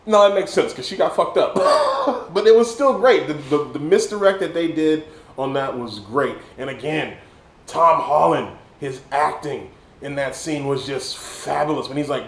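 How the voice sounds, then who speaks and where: A man, a little drunk, reviewing a movie in a casual monologue, excited and rambling, stumbling over words and restarting often. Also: medium pitch, normal speed, roomy sound, low-quality recording. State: tipsy.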